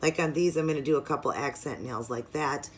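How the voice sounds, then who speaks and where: Very low-voiced woman nail tutorial host. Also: a little fast, slight background noise. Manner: chatty, upbeat, walks through supplies step by step. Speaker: nail art video host. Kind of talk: casual tutorial narration.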